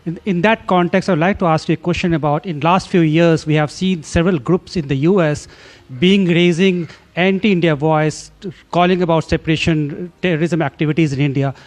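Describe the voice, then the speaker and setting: Halting man asking a press question. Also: a little high, fairly even intonation. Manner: halting, with restarts and fillers. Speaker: reporter.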